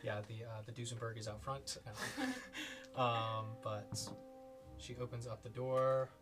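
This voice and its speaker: A woman running a tabletop game as game master, chatty and laughing in quick banter with her players. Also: very deep voice, fairly even intonation, music in the background.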